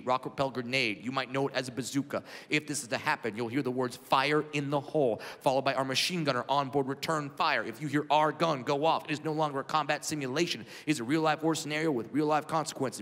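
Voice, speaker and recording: A man voicing a calm male helicopter pilot giving a safety briefing in a low, steady, quick delivery, on a reverberant stage with audience noise. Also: close to an everyday voice.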